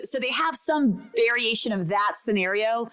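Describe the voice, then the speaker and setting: A woman's voice: a little high, expressive, normal speed, over music. A woman who hosts a casual interview and once starred in her own reality show, asking conversational, probing questions. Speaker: podcast host, former reality show star.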